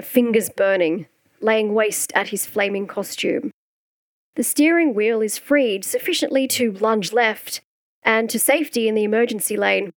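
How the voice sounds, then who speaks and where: A woman's voice: on the high side, no echo, clean studio sound. Woman reading a story dryly. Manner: measured, dramatic narration. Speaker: reader.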